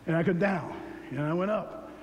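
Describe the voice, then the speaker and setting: A man over forty gives an animated personal testimony with humor and shouted emphasis. His voice sits high for a man. It rings with the long reverb of a large hall. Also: normal speed. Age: 40s or older. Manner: emphatic, excited and humorous, shouting some words. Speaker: speaker sharing his health story.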